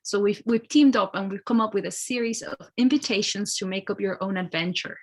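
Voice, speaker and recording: A woman's voice: medium pitch, brisk. A woman from Mexico, a guest artist talking in a friendly, hesitant way on a video call. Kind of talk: casual interview.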